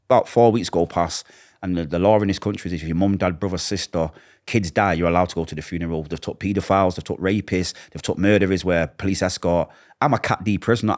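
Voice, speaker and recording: Speaking as an interview guest, a low-voiced, somewhat mellow middle-aged Mancunian from Manchester rushes through personal stories at a tumbling clip. He gets emotional and brings the past to life by performing the dialogue, slipping into each quoted person's voice.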